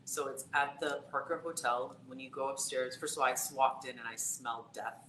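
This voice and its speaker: Bright-voiced woman telling a chatty story. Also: very deep voice, steady tone, brisk. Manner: chatty storytelling, many fillers. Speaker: psychic tarot reader. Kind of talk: casual live-stream conversation. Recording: roomy echo with faint background noise.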